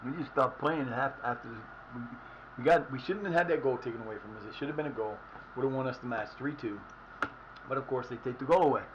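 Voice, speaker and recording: A man's voice: medium pitch, fast talker, lo-fi sound, noisy background. A man streaming a football game live, swearing often as he rants at his team's play. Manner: frustrated, profane ranting at the game.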